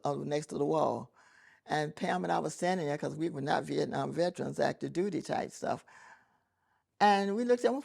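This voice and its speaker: A woman's voice: low-pitched, moderate pace, vocal fry, darkish tone. A woman, an Army veteran, reminiscing casually in an interview. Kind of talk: storytelling interview.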